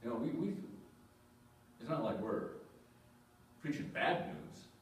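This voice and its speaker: A male pastor preaches in a loose, conversational way, tossing questions to his congregation and circling back over the same phrases. His voice sits at an ordinary middle pitch. It echoes heavily around a church, caught by a mic some distance from him. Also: expressive, slow, slight background noise. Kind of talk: conversational sermon. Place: church sanctuary.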